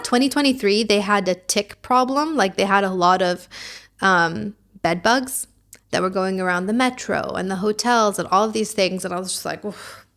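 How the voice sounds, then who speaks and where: A woman's voice: medium pitch, fairly bright tone. A woman hosting a casual podcast, sassy and opinionated, rambling with lots of "like"s. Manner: puts on a mock French accent. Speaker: podcast host.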